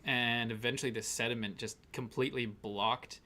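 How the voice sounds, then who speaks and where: A man's voice: medium pitch, steady tone, moderate pace, pushed and bright. Chatty man hosting a live stream. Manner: chatty, reads out viewer names and greetings. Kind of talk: casual live-stream chat.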